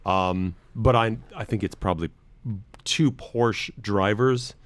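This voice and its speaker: A man's voice: lowish voice, slow pace, a bit bright, no room sound. A man hosting a podcast in a radio studio, chatting casually in a playful, jokey way and thinking aloud. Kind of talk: casual chat.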